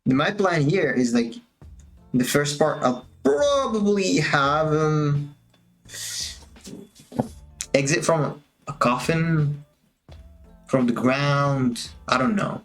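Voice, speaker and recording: Guy thinking out loud while he animates on stream, slow and drifty, faint music underneath. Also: on the high side, lively intonation. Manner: musing aloud, drifting, self-amused. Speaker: animator streaming his work. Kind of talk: casual think-aloud screen walkthrough.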